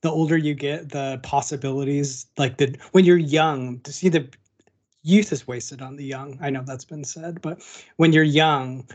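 A man's voice: on the high side, steady tone, normal speed, darkish tone. A man in casual conversation, speaking in a reflective, thoughtful way as interviewer.

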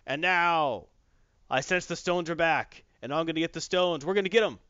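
A man's voice: on the high side, moderate pace, a bit bright, smooth, no room sound, dull audio, natural voice. A man voicing a boastful, grandiose male alien warlord, talking in a pompous, gloating way.

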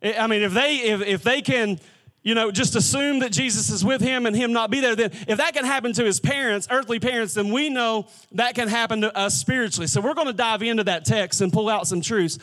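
A male pastor with a notably high voice delivers a sermon inside a church. His preaching is conversational and casual, often doubling back on his words as he talks. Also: a little fast, a bit bright. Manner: conversational preaching with repeated restarts. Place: church sanctuary.

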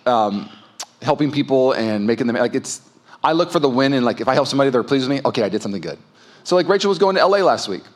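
A man in his thirties preaching a sermon as pastor, telling candid, self-mocking stories with sudden comic outbursts. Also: mid-range voice. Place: church stage.

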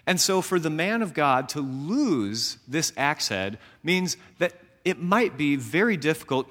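Animated male Bible teacher in a reverberant space. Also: fairly high pitch. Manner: animated explaining with self-aware jokes. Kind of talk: teaching sermon.

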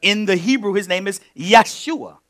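Male pastor, high and bright, animated teaching sermon with emphatic swells. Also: moderate pace. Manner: animated preaching, swings from quiet asides to loud emphatic bursts.

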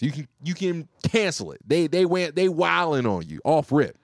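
A man telling a profane, joking story about his telemarketing job, animated and casual. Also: sits high, no echo, studio quality.

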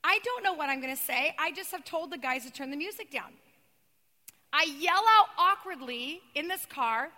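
High, bright-voiced woman preaching. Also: expressive, moderate pace. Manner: dramatic storytelling, swinging between loud cries and hushed near-whispers. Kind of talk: sermon. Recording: long reverb of a large hall.

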